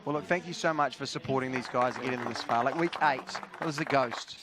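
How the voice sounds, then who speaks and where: A man's voice: mid-range voice, quick pace, a crowd in the background, noisy background. A man hosting a backstage TV interview, jokey and upbeat. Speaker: host.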